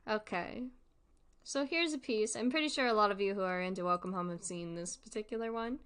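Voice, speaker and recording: A woman's voice: mid-range voice, a little fast, a bit bright, clear, resonant tone. A woman streaming casual commentary, giggly and rambling, often correcting herself. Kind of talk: casual commentary on a web series.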